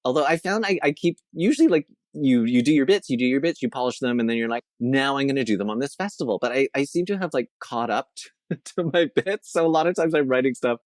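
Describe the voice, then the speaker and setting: A man's voice: mid-range voice, expressive, fast, darkish tone, no echo, clean studio sound. A man from Canada, a veterinarian and comedian, chatting as a guest in a rambling, self-mocking way. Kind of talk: casual interview chat.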